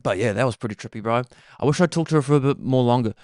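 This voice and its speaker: A man's voice: medium pitch, very fast, a little mellow, no echo, clean studio sound. A young man hosting a podcast, talking in a laid-back, meandering way and dropping "bro" often. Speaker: podcast host. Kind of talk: casual rambling monologue.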